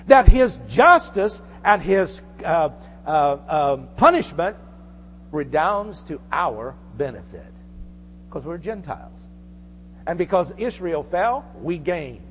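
A man's voice: fairly high pitch, very animated, slow, fairly bright tone, long reverb tail, slight background noise. A man preaching a sermon with fervent emphasis, asking the congregation rhetorical questions.

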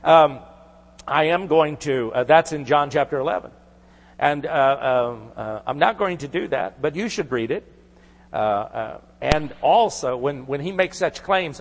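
A man's voice: medium pitch, animated, measured pace, creaky. A man preaching a sermon, earnest, rising to emphatic declarations. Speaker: pastor. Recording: long hall reverb.

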